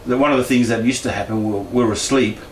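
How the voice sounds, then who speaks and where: A man at a mid-range pitch rambles through a personal story, circling back and restarting his sentences. He is picked up from some distance away in a roomy, echoing meeting room. A faint hum of background noise sits under his voice. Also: fairly even intonation, fast. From Brisbane, Australia. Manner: meandering, frequent restarts and asides. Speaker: guest speaker at a paranormal discussion group.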